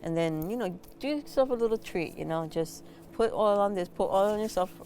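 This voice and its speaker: A woman's voice: medium pitch, lively intonation, brisk, darkish tone, slight background noise. A woman who hosts the show and works as a massage therapist, giving casual spiritual advice in a blunt, encouraging way and swearing now and then. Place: indoors, on a squeaky chair.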